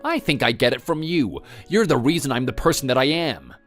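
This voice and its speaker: A man's voice: mid-range voice, sing-song, a little fast, fairly bright tone, soft background music. A man voicing a resentful grown son who bitterly blames his mother. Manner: bitter, defensive.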